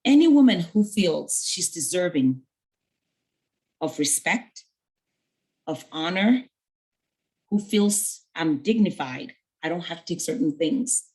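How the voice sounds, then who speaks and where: A woman's voice: low voice, lively intonation, a little slow, long pauses, darkish tone, poor audio. A woman giving an earnest mentoring talk to young women, conversational and full of stories with quoted dialogue. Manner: conversational with fillers.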